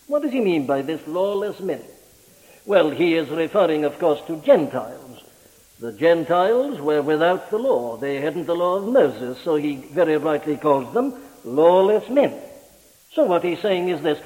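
A man's voice: sing-song, moderate pace, a little mellow, long reverb tail, rough recording. A man preaching a sermon with a dramatic, rhetorical delivery, his voice rising and falling sharply. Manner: dramatic, rhetorical preaching with wide swings in pitch and volume.

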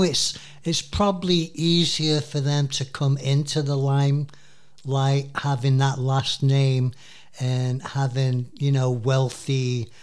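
A man co-hosting a casual music chat show, rambling with plenty of fillers and restarts. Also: medium pitch. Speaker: radio co-host.

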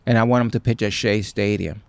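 A man in his sixties, a guest in an interview, telling stories in an animated way and acting out what others said. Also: lowish voice, brisk, vocal fry, smooth, no room sound. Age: 60s. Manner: animated, acts out quoted speech. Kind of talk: storytelling in an interview.

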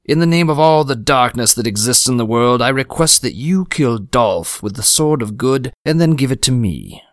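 A man playing a calm, formal dark lord. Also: mid-range voice, normal speed, dry recording, clean studio sound, lightly acted. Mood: measured. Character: the Lord of Dark, cool calculating male sorcerer. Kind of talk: audiobook character reading.

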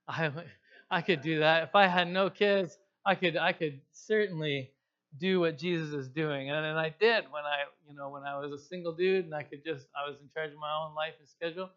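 A man's voice: a little high, steady tone, brisk, a bit bright, clean tone, lo-fi sound. A man preaching a sermon in a casual, conversational way, explaining scripture in plain everyday terms. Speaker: pastor.

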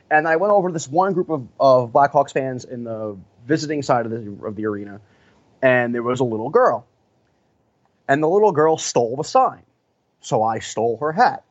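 A man's voice: medium pitch, dry recording. A man working as a sports mascot, telling stories in a casual interview, rambling with lots of fillers and laughs. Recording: dull lo-fi recording.

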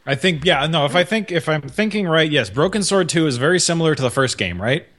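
A man's voice: a little high, expressive, a little fast, fairly bright tone. A man joining a podcast as a guest, chatting casually with offhand, joking asides. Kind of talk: casual chat.

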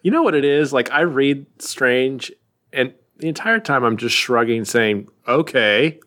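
A man's voice: mid-range voice, lively intonation, a little slow, fairly bright tone. Wry, skeptical man in casual chat. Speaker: comic book podcast co-host.

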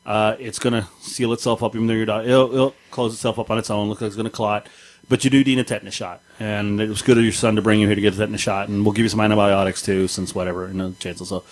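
A man's voice: lowish voice, fast talker. A man telling a story in casual chat on a podcast, acting out the people in it with a raised voice. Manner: animated, acts out the people in his story with a raised voice.

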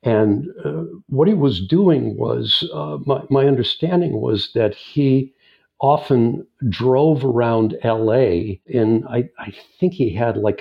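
An older man telling stories as an interview guest, unhurried and chuckling. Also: mid-range voice, gravelly. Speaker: guest filmmaker and editor. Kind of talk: anecdotal storytelling in an interview. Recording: dull lo-fi sound.

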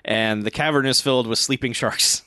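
A man's voice: medium pitch, bright, forceful tone, smooth, no room sound, clean studio sound. A man casually recapping a film on a podcast, laughing often and acting out bits of dialogue. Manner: laughs often, acts out film lines in quick voices. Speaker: podcast co-host. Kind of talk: casual movie recap chat.

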